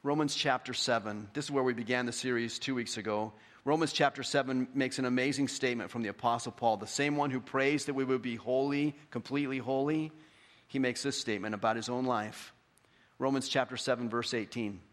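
A man, a pastor, preaches a sermon in a medium-pitched voice with fairly even intonation. He builds to fervent, emphatic peaks, then drops soft and slow when reading scripture.

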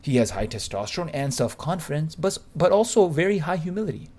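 A man narrating a podcast story from a script, with a boastful, pumped-up delivery. He leans on crude slang and gets louder at the exciting parts. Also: fairly high pitch, fairly quick. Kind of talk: reading a first-person anecdote aloud.

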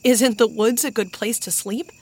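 A woman's voice: a little high, fairly even intonation, moderate pace, a little mellow, natural voice. A woman reading a storybook voicing a sensible older brother who talks steadily and reassuringly.

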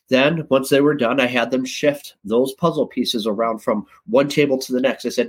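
A man talking as a guest on a podcast, telling stories in a casual, lively way and jumping up in pitch when he gets excited. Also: a little fast, hardly any pauses, slightly rough. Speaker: guest, sales director.

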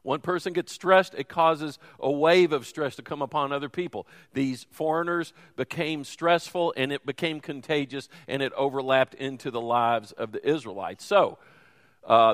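A man's voice: a little high, fairly bright tone, big-room sound. A man preaching a sermon as teaching pastor, in a conversational, folksy way. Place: church sanctuary.

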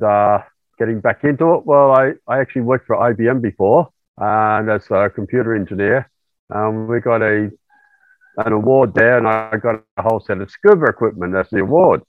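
A middle-aged Australian man speaking as a guest over a remote call, talking in an unhurried way with many fillers. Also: lowish voice, no echo. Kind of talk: remote interview. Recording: tinny call line, very dry.

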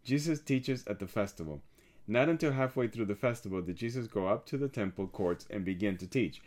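A man reading a passage of scripture aloud in a measured, steady way. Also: on the low side. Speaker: scripture reader.

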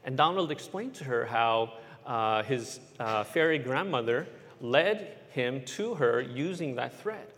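A pastor telling a children's sermon as an animated story, often checking in with his listeners with "right?". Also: mid-range voice, measured pace, long reverb tail.

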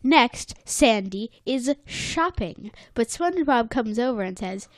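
A woman's voice: fairly high pitch, animated, a little slow, darkish tone, no room sound. A woman co-hosting a casual chat, retelling a cartoon episode with giggles and whoosh sound effects. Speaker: podcast co-host recapping a cartoon episode.

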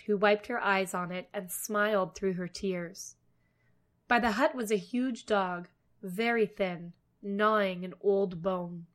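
A woman storyteller reading a fairy tale aloud, steady with wry asides. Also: mid-range voice.

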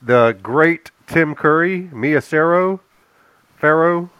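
A man co-hosting a laid-back film podcast who restarts his sentences and fills the gaps with "yeah." His voice is a little higher than most men's, and it is recorded close and dry with no room sound. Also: slow, a bit bright, clear, resonant tone, dry recording, low-quality recording. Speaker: podcast co-host. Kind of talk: casual movie review chat.

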